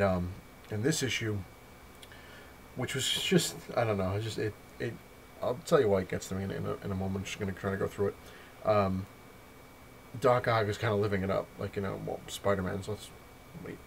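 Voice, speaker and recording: A man with a fairly low voice talks in a loose, casual vlog manner. He rambles, corrects himself mid-sentence and swears freely as he recaps comics. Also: steady tone, brisk, creaky, a little hiss or hum. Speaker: comic collector reviewing his haul.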